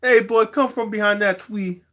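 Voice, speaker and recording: A man's voice: high voice, steady tone, normal speed, sharp tone, voice pushed up. A man voicing a strict Jamaican parent with a Jamaican accent, barking bossy commands.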